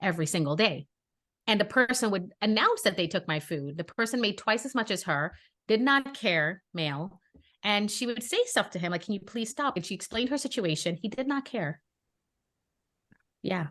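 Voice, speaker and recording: A woman's voice: mid-range voice, lively intonation, normal speed, fairly bright tone. A woman podcast co-host, from Brooklyn, telling a story in casual chat and acting out the dialogue with indignant energy.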